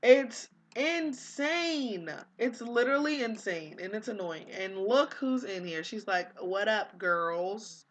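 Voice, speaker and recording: A woman's voice: a little high, unhurried, hardly any pauses, a little hiss or hum. A young woman casually commenting on her life-sim game, chatty and easily exasperated, with lots of fillers. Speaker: gaming vlogger.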